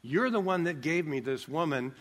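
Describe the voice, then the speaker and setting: A man's voice: fairly high pitch, lively intonation, moderate pace, fairly bright tone, in a large hall. An older preacher voicing a whining grown man who pleads and complains, shifting the blame. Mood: whiny.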